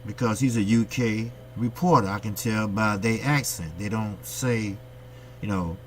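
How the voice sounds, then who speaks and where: A man's voice: on the low side, measured pace, a little hiss or hum. A man from the United States hosting his boxing channel, giving a blunt, profane, opinionated monologue and firing rhetorical questions at his viewers. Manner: blunt, profane, ranting delivery.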